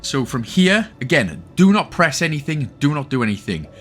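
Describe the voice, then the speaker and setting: A man's voice: on the high side, sing-song, normal speed. A Welsh man hosting an achievement guide, talking chattily with joking asides. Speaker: gaming channel host. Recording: faint game music behind.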